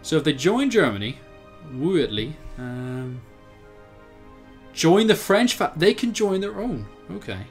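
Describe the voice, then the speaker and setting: A young man with an Irish accent talks through a strategy game in a casual let's-play. His slightly high voice swings widely up and down as he thinks aloud, laughing often and breaking into excited outbursts. Faint music plays underneath. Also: a little slow. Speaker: game commentator.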